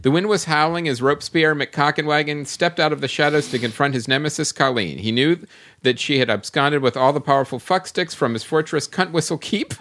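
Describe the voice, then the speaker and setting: A man's voice: on the high side, fairly quick, fairly bright tone. A man hosting a casual podcast, reading listener comments aloud and laughing often as he goes. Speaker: podcast host.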